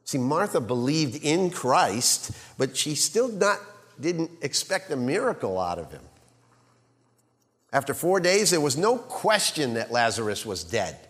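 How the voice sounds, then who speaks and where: A male pastor preaching a sermon, swinging between loud emphasis and hushed quiet and asking the congregation rhetorical questions. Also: fairly high pitch, big pitch swings, measured pace, long reverb tail.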